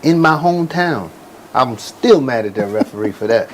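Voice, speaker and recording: Relaxed man telling a boxing story. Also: mid-range voice, normal speed, slight background noise, poor audio. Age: 40s. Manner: relaxed, conversational storyteller with casual slang. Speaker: boxer and ring announcer, guest. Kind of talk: casual interview storytelling.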